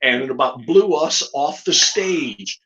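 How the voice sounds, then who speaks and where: A man telling a funny story in a chat, full of repeated beats for effect. His voice sits a bit high and swings widely. The recording is a little dull and lo-fi. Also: unhurried. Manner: lively storyteller, repeats lines for comic effect. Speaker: ventriloquist. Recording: slightly dull lo-fi audio.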